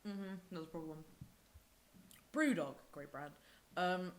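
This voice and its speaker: A young woman from England co-hosting a podcast, telling stories in a casual, animated way. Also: measured pace, a little hiss or hum. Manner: animated storytelling, acts out quoted people with big pitch jumps. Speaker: podcast co-host. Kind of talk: casual chat.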